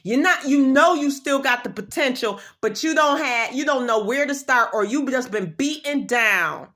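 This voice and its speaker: A woman's voice: high voice, expressive, normal speed, sharp tone. A woman vlogger giving an emphatic, repetitive motivational talk in blunt, slangy everyday speech. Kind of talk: motivational pep talk to camera.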